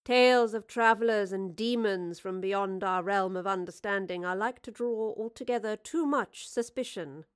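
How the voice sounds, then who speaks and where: A woman's voice: mid-range voice, moderate pace, few pauses, smooth, close to an everyday voice. A woman voicing a gracious, commanding older queen who speaks in a formal, regal way.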